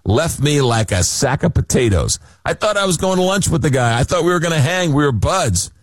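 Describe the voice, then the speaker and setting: A man's voice: fairly high pitch, big pitch swings, fairly quick, dry recording, clean studio sound. A man from hosting a late-night call-in radio show, telling rambling, self-deprecating stories in a casual chat. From Long Island, New York. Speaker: radio talk show host. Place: radio studio.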